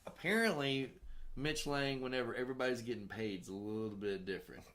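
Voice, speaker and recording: A man hosting a podcast, telling film-set stories in a casual, profane, animated way. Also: mid-range voice, fairly quick. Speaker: podcast host and film director. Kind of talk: casual storytelling chat.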